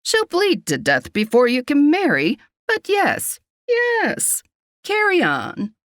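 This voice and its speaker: A woman voicing a grumbling, dry-witted old woman healer in a storybook romance, speaking slowly and wryly. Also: mid-range voice, sing-song, dry recording. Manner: slow, wry and grumbling.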